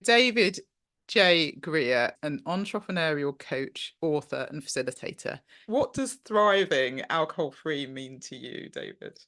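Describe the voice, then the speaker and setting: Low, slow woman podcast host. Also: expressive, fairly bright tone. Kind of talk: introducing guests.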